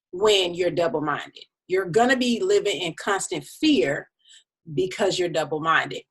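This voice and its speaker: A woman with a lowish, slightly bright voice and a breathy edge hosts a casual motivational podcast. Her mouth is sore after a trip to the dentist, but she stays chatty and direct, calling her listeners y'all.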